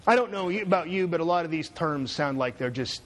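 A man's voice: on the high side, lively intonation, fairly quick. A middle-aged man giving a university lecture, sarcastic and full of joking asides. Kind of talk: classroom lecture.

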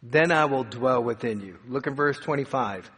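A male pastor preaching a sermon, slowing down and building to emphatic peaks as he tells stories and reads scripture. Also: medium pitch, fairly bright tone, slightly rough. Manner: dramatic preaching with slowed emphatic phrases and rising peaks. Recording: long hall reverb.

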